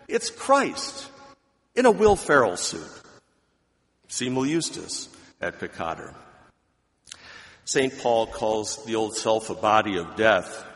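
A man preaching a sermon, emphatic, swinging between loud declarations and quiet asides. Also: medium pitch, in a large hall. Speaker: pastor.

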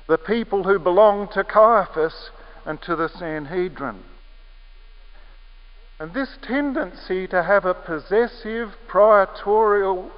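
A man preaching a sermon with measured, emphatic phrasing, leaning on repeated key words. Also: high voice. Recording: echoey hall, muffled lo-fi sound.

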